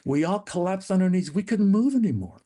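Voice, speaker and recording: Warm-toned and a little fast, a man with lively intonation tells his family's story as an interview guest. He's earnest and dramatic, his voice climbing and dropping throughout the retelling.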